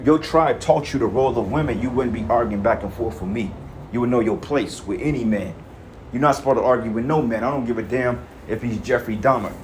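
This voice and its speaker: A man's voice: medium pitch, a little hiss or hum. A man giving a casual spoken rant about a religious topic, blunt and confrontational, with profanity and rhetorical questions. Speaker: member of a religious group giving commentary.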